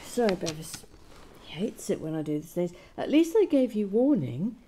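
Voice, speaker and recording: A woman's voice: medium pitch, big pitch swings, normal speed, mellow, a little hiss or hum. A woman hosting a building-toy vlog, chatting casually and rambling with many fillers while she builds. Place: cold room at home.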